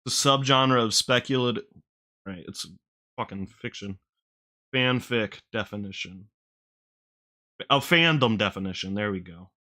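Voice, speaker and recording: Bright-voiced joking gaming man. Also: fairly low pitch, unhurried, pauses often. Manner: rambling, profane, jokey, talks to chat. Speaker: gaming streamer. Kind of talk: casual let's-play commentary.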